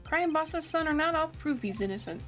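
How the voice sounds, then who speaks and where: A woman's voice: high voice, lively intonation, moderate pace, a bit bright, faint music behind, pitched above the performer's own voice. A woman voicing an earnest young male rookie lawyer, eager and determined.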